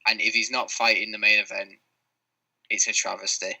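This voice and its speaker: A man's voice: fairly low pitch, little pitch movement, normal speed, vocal fry, sharp tone, no echo, poor audio. A man co-hosting a sports podcast, arguing his side bluntly. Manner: firm, blunt opinions. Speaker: podcast co-host. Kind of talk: casual debate.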